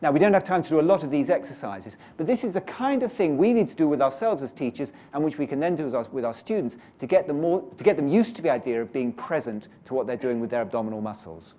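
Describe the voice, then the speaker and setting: A man's voice: on the high side, animated, fast talker, few pauses, mellow. A British man giving a workshop lecture to teachers, explaining and leading the audience through exercises. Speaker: teacher trainer.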